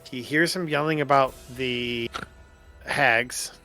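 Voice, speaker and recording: A man's voice: medium pitch, takes it slowly, bright, forceful tone, smooth, faint music behind. A man playing a tabletop game, hesitant and thinking aloud with many ums and restarts. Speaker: player. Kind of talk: casual tabletop game play.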